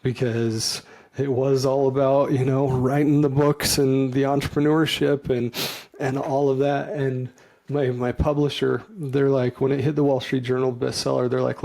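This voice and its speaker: A man's voice: medium pitch, flat delivery, moderate pace, gravelly, mellow. A middle-aged man, a podcast guest, telling his personal story candidly and with emotion. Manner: earnest, emotional, laughs easily.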